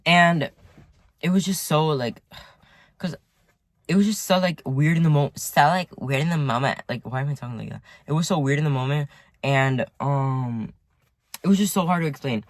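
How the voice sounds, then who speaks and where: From the driver's seat of his car at home, a teen vlogger tells his viewers a rambling storytime, leaning on "like" and swearing often. His male voice is fairly high-pitched and moderately paced, in a dry recording.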